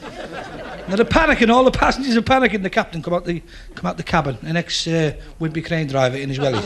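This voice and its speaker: A man's voice: fairly high pitch, fast. A man doing chatty stand-up, teasing the audience and repeating his punchlines. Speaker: stand-up comedian. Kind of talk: stand-up routine. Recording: hissy old club recording with crowd. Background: audience laughter and chatter.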